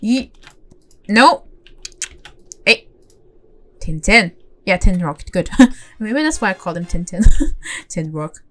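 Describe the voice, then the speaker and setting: A young woman giving casual, excitable commentary as she plays a horse game, talking to herself and the horses with gasps and squeals. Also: lowish voice. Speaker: gaming channel host.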